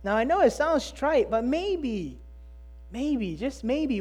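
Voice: mid-range voice, sing-song, takes it slowly. Emphatic preacher posing rhetorical questions. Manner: emphatic, asks rhetorical questions, swings between loud and hushed. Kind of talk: sermon.

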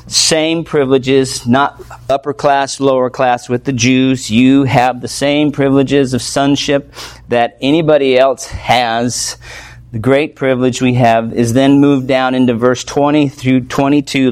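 A male pastor delivering an expository sermon with a voice of ordinary pitch for a man. He is emphatic and keeps firing rhetorical questions at the congregation. His delivery swings from loud, ringing declarations to hushed, near-whispered passages.

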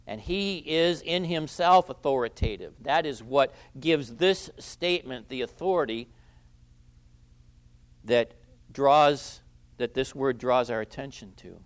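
Emphatic preacher man, mid-pitched. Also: expressive, measured pace. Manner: emphatic, repeats key phrases, swings between loud stresses and quiet endings. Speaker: pastor. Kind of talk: expository sermon.

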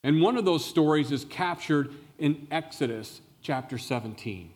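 A male pastor preaching a sermon, telling a Bible story with animated explanation and questions to the listeners. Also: on the high side, normal speed. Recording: long reverb of a large hall.

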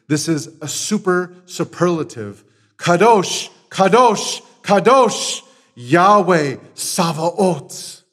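Male pastor, sermon delivery, emphatic, builds volume on repetition. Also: mid-range voice. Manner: emphatic, builds to loud repeated words.

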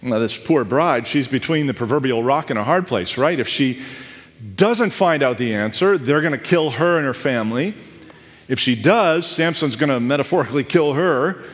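A man in his thirties delivers a sermon in a conversational storytelling manner, full of asides. His mid-pitched voice moves up and down a lot. A long reverb from a large hall hangs on every phrase. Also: animated, normal speed. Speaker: pastor.

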